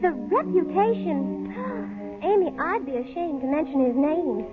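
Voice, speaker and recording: A lively, teasing young woman. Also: high-pitched, normal speed. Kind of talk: 1940s radio acting. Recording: tinny old radio broadcast with music.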